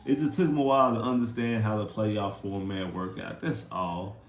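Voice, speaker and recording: A man hosting a livestream and ranting about sports in casual slang. He repeats himself, swings from loud outbursts to mutters, and sounds exasperated. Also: lowish voice, steady tone, moderate pace, echoey room. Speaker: livestream host.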